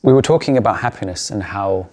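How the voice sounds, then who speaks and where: A man speaking in a calm, measured way during a reflective spiritual discussion. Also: on the low side.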